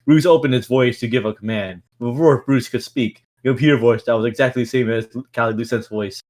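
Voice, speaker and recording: A man's voice: medium pitch, fairly quick, darkish tone. A man reading a novel aloud on a stream in a casual way, with stumbles, restarts and stifled laughs.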